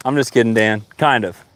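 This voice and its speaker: An easygoing man talking casually as he fishes outdoors by the water. He has a middling voice and jokes and teases while he talks. He keeps it relaxed, like a live streamer chatting along. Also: medium pitch. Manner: easygoing, teasing. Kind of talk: casual chat while fishing. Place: outdoors by freshwater. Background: wind.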